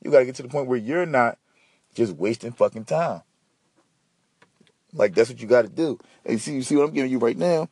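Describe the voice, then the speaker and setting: A man hosting a podcast, ranting and telling stories in a slangy, profane, animated way. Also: mid-range voice, a little fast, long pauses, breathy edge, dry recording, clean studio sound. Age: adult. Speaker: podcast host. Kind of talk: casual solo podcast rant.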